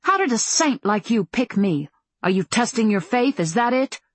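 A woman reading the lines of a proud, bitter young woman, speaking in a sharp, sarcastic and defiant way. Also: on the high side, big pitch swings, moderate pace, breathy edge, no room sound, voice pushed up.

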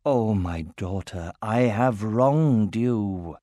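A man voicing a proud elf queen pleading with her daughter, slow and regal. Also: on the low side, animated, warm tone, no echo, clean studio sound. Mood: remorseful.

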